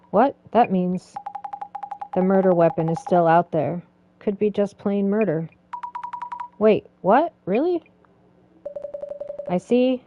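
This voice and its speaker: A woman reads out a mystery game's dialogue, shifting her voice for each character. Her reading is dramatic. Game music plays clearly behind her. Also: medium pitch, muffled recording. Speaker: let's play narrator reading all characters.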